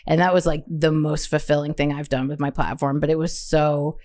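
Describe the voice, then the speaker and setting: A woman's voice: sits low, little pitch movement, a little fast, a little mellow. A young adult woman chatting casually as an interview guest, talking with lots of fillers, restarts and laughs. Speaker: interview guest, writer and creator. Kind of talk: casual chat.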